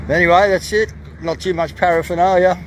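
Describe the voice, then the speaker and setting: A man's voice: sits high, steady tone, normal speed, background noise. An Australian man co-hosting a live news stream, talking casually and blokey, often calling his viewers guys.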